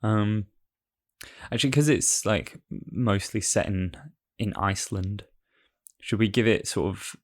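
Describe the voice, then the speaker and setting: A man's voice: on the low side, unhurried. A married man in his thirties co-hosting a podcast, self-deprecating and hesitant with lots of fillers. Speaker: podcast co-host. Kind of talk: casual chat.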